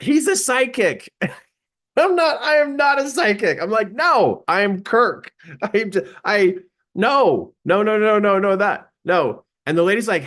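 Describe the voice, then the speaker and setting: Animated man telling a story. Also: on the high side. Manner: animated, acts out quoted voices, laughs often. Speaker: speaker and teacher on empathy. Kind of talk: casual storytelling talk.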